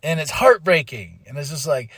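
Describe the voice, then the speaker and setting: A man's voice: on the high side, lively intonation, normal speed, a bit bright, breathy edge, dry recording. A man hosting a podcast, recapping in a casual, emotional, rambling way with lots of restarts. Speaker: podcast host.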